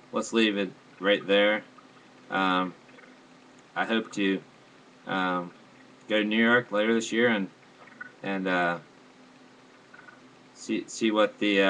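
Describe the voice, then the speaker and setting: A man rambling to his viewers in a halting monologue, full of fillers and restarts, airing grand complaints earnestly. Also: low voice, bright, forceful tone, slight background noise, poor audio. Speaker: vlogger.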